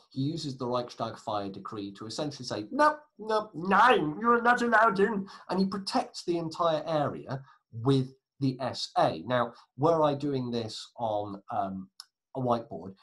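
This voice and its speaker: A man's voice: medium pitch, lively intonation, normal speed, breathy edge, rough recording. A man teaching a recorded history lesson, chatty, with asides and self-corrections.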